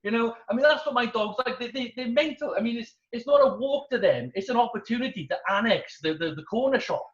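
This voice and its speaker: A British man doing wry, deadpan observational stand-up comedy. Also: extremely high pitch, fast, hardly any pauses. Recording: roomy, dull-sounding.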